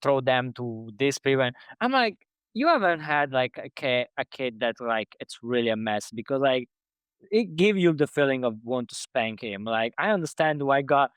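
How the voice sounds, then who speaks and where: A man hosting a podcast interview, speaking as an in a halting way full of restarts and fillers. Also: mid-range voice, lively intonation, fairly bright tone, smooth, dry recording. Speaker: podcast host. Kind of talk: conversational interview.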